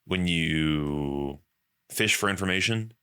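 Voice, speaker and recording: A man's voice: deep voice, slow, sharp tone, smooth. A young man hosting a podcast, chatting casually and profanely and acting out quoted voices. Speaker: podcast host.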